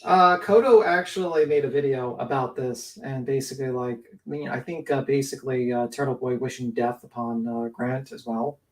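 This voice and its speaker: A man's voice: medium pitch, steady tone, normal speed, hardly any pauses. A man co-hosting a livestream in casual chat, rambling with lots of fillers. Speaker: livestream co-host. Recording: distant from the mic.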